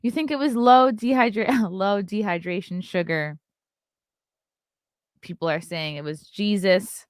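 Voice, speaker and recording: Speaking unhurriedly in a medium pitch, a woman comedian and online show host offers casual, filler-laden musings on a clip. She sits in a room at home with colored lights. The recording is studio quality, with no room sound.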